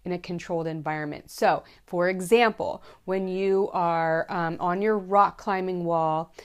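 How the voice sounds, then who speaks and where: A woman's voice: fairly low pitch, fairly even intonation, measured pace, clear, resonant tone. Earnest, emphatic woman in her thirties. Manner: earnest and emphatic, repeating key points. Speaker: mom vlogger giving safety tips. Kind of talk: casual direct-to-camera advice.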